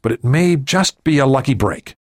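A man voicing an earnest male intelligence official speaking in hushed tones in an audiobook. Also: mid-range voice, animated, moderate pace, no echo, studio quality, pitched above the performer's own voice, close to an everyday voice.

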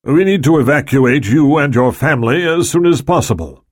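A man's voice: medium pitch, lively intonation, moderate pace, no room sound, pitched above the performer's own voice, natural voice. Man reading as a pleading spy chief, urgent, audiobook, dry.

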